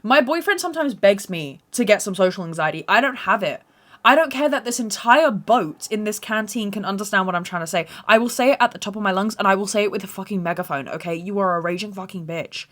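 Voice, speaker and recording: A young woman in her twenties rants her way through a story on her podcast, blunt, unfiltered and full of swearing. Her voice is bright and forceful, at a middle pitch for a woman, and she leans into every dramatic beat. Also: fast talker. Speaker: podcast host. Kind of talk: casual storytelling monologue.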